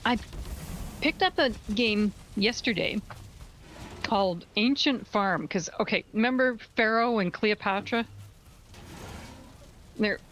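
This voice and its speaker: A woman's voice: fairly high pitch, slow pace, pauses often, slight background noise, poor audio. Giggly woman chatting on a stream. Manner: relaxed, hesitant, giggly. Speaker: fellow streamer. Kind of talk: casual chat.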